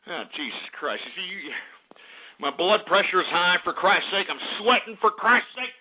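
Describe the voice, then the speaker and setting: A man's voice: sits high, moderate pace. A man hosting a talk radio show, ranting angrily and profanely, then reading market prices, heard on a tinny phone-like radio recording. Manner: angry, profane, shouting outbursts. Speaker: radio host. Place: radio studio.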